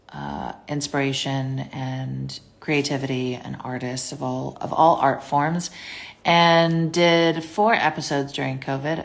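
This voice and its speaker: On a phone live stream, a young woman from the United States answers viewer questions in a casual, rambling way, filling her speech with fillers. Her voice is low and creaky.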